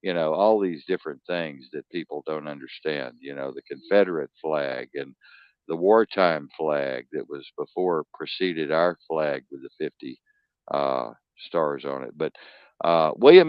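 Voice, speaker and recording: A man's voice: rumbling low, normal speed, clean tone, dry recording. A man hosting a talk show, ranting bluntly and profanely in a rambling, emphatic way. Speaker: podcast host. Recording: dull lo-fi dry sound.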